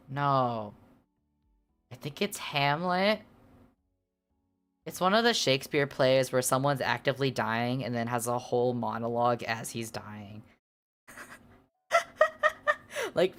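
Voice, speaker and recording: A woman streamer reading a fanfic aloud for laughs, often breaking into amused asides and hamming up the character lines. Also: very deep voice. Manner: playful, exaggerated delivery of character lines. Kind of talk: comedic dramatic reading with asides.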